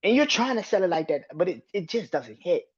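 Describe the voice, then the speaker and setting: A man's voice: high-pitched, sing-song, brisk, breathy edge, muffled recording. A man hosting a solo wrestling podcast, ranting with heavy swearing and exasperated rhetorical questions. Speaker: podcast host.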